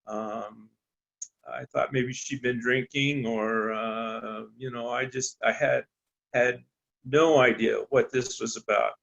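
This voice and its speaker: A man from eastern Colorado, a rancher, telling a story in a halting, folksy way with many ums and restarts. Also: medium pitch, steady tone, vocal fry, a bit bright, lo-fi sound. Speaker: rancher on a landowner panel. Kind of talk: storytelling on a panel talk.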